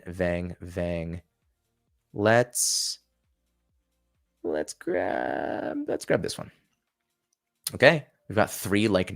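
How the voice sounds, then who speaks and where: Chatty low-voiced male livestream host. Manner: chatty, thinking aloud, many restarts. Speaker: channel host. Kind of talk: casual livestream chat.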